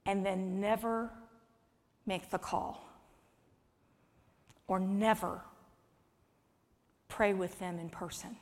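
A woman preaching a conversational sermon with an object lesson, coaxing and warm in asides, rising to lively emphasis. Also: medium pitch, slow, long pauses. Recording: long hall reverb.

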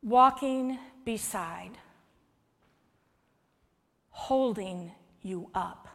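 A woman preaching a conversational sermon with an object lesson, coaxing and warm in asides, rising to lively emphasis. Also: medium pitch, drawn-out words. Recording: long hall reverb.

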